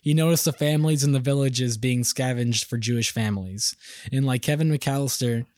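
A young man co-hosting a podcast, reading out a silly story in a deadpan way and breaking into laughter. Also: mid-range voice, brisk, no echo, clean studio sound. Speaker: podcast co-host. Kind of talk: casual podcast chat, reading a comic story.

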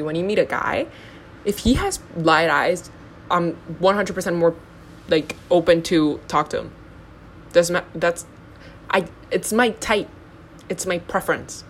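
A woman's voice: on the low side, slight background noise. A young woman from Honduras chatting alone on her podcast, rambling with lots of fillers and self-deprecating asides. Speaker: podcast host. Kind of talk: casual solo podcast chat.

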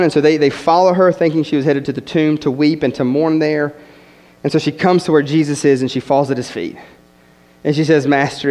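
A man's voice: fairly high pitch, darkish tone. Man, pastor preaching a sermon, emphatic restarts, long hall reverb.

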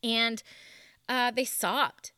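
A woman recounts a personal story in an earnest, candid way, like she is talking to friends. Her voice is smooth and clear, and the sound is dry and close. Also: on the high side, steady tone, very slow, bright, forceful tone, dry recording. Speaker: small group leader.

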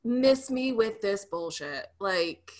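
A woman's voice: medium pitch, lively intonation, slow pace. A young woman pastor chatting candidly on a podcast, laughing often and trailing off with fillers. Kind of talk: casual podcast chat.

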